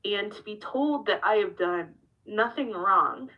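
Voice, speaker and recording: A woman's voice: medium pitch, unhurried, lo-fi sound. A woman in her thirties, a professional wrestler, giving a candid interview and telling her story animatedly, acting out the dialogue. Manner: animated, acts out dialogue with shifting tone.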